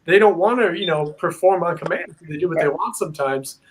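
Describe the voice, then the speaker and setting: A man as a guest on a video-call interview, telling a story in a rambling, filler-heavy, animated way. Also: a little high, fairly quick, slight background noise. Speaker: paranormal investigator guest.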